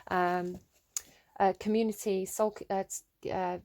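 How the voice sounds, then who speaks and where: A woman giving a casual tarot reading, thinking aloud with many ums and restarts and growing excited over the cards. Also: mid-range voice, unhurried, no echo, studio quality. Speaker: tarot reader.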